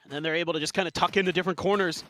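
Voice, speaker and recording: A man's voice: high-pitched, steady tone, very fast, pushed and bright, slight background noise. A man giving conversational, analytical esports color commentary.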